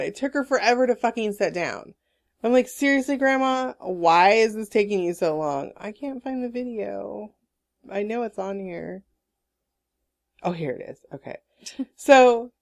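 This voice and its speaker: A woman co-hosting a casual chat podcast, telling a story in a lively, laughing way and swearing freely. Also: medium pitch. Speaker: podcast co-host. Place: Portland, Oregon area.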